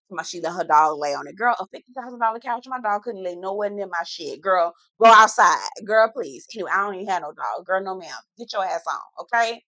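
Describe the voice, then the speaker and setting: A woman's voice: medium pitch, lively intonation, a little fast, hardly any pauses, bright, forceful tone, no room sound. A woman giving a sassy, dramatic, casual recap of a reality TV episode as a vlogger, full of slang asides.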